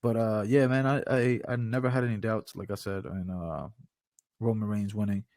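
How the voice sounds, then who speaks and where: Animated man ranting about wrestling. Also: lowish voice, moderate pace, no echo. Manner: animated, swears freely, rants with playful bravado. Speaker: podcast co-host. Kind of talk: casual wrestling reaction chat.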